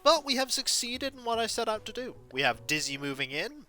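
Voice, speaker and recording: A man's voice: very high-pitched, very animated, a little fast, bright, forceful tone, soft background music. A man casually commenting as he plays a life-sim game on stream, chatting with viewers and muttering asides to himself.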